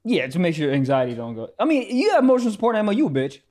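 A man telling a story in casual chat, animated and profane, acting out both sides of the argument. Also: high-pitched, rapid-fire. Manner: animated, profane, quotes people in acted-out dialogue.

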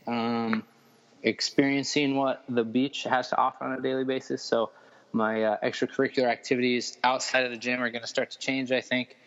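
A man from Denver, a fitness coach guesting on a podcast, talking in a laid-back way with many pauses and ums. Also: medium pitch, flat delivery, dull audio. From Denver, USA. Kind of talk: casual podcast interview.

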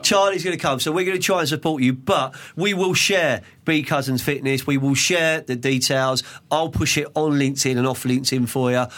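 A man's voice: medium pitch, normal speed, hardly any pauses, fairly bright tone. A man hosting a studio interview in a chatty, matey way, often repeating words as he gets going. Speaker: podcast host. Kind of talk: casual interview chat.

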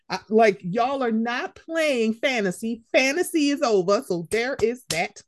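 A woman's voice: a little high, animated, moderate pace, hardly any pauses, dry recording, studio quality. A woman co-hosting a casual sports chat podcast, blunt and profane, often mimicking the people she talks about. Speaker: podcast co-host.

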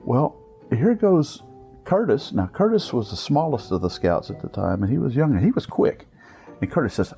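A man telling a funny scouting story, animated and chuckling, acting out other people in high-pitched voices. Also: normal speed, vocal fry, faint music behind. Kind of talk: storytelling anecdote.

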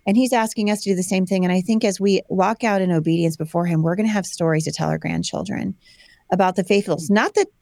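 A woman in her forties tells a personal story as a guest, animated and acting out the voices of people she quotes. Her voice sits low for a woman. The sound is dry and close. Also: quick pace, gravelly, no room sound. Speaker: guest, homeschooling mother.

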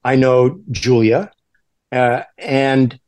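Halting male actor guest, mid-pitched. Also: a little mellow. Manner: halting, many restarts and fillers. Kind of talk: casual interview chat.

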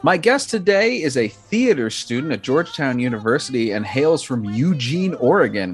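A man's voice: normal speed, few pauses. A man hosting a podcast about cast albums, chatty and playful. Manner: chatty and playful, lively pitch. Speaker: podcast host. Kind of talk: casual podcast chat.

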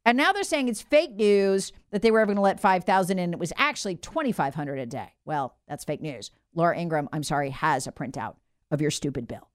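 A woman's voice: fairly low pitch, expressive, a little fast, no echo, studio quality. A woman hosting a political commentary show, talking in an emphatic, indignant monologue with sarcastic asides.

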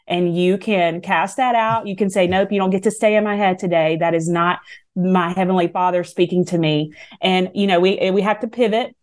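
A woman's voice: on the low side, steady tone, moderate pace. A middle-aged woman with a Southern US accent, speaking as a guest in a faith talk interview in an earnest, encouraging, preacherly way. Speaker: guest author.

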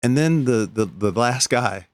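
Animated, profane man telling stories. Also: mid-range voice, unhurried, no echo. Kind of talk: casual storytelling chat.

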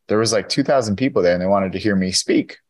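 Earnest low-voiced man telling his story. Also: fast talker. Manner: earnest, candid, peppered with "you know". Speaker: podcast guest, keynote speaker. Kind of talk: personal storytelling in an interview.

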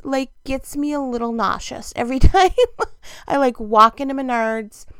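A woman's voice: a little high, clear, resonant tone, dry recording. A middle-aged woman tells a chatty, self-deprecating story in a casual monologue and laughs often.

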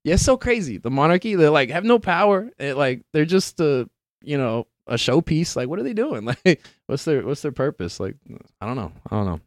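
A man's voice: on the high side, very animated, brisk, dry recording, clean studio sound. A man hosting a live-streamed podcast in a loose, rambling way, laughing often and swearing casually.

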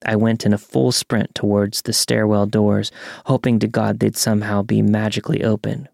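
A young man narrates a true scary story in a calm, measured way. His voice sits low with a gravelly edge. The recording is close and dry. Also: dry recording.

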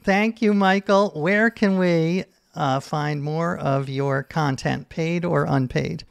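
A man's voice: on the high side, steady tone, slow, vocal fry, clear, resonant tone, dry recording. A man hosting a puzzle podcast, reading clues aloud and teasing his guest in a playful way.

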